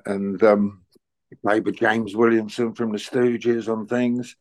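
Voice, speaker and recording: A man's voice: lowish voice, little pitch movement, slow. Chatty older man telling stories. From England. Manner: chatty, anecdotal, plays out dialogue in quoted voices. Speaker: interview guest, musician. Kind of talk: relaxed conversational storytelling.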